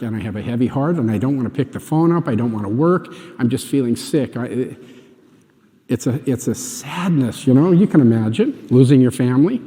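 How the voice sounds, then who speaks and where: A man's voice: mid-range voice, dark tone, big-room sound. Earnest man telling his testimony. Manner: earnest, emotional, acts out dialogue. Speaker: speaker giving a faith testimony. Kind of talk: personal testimony storytelling.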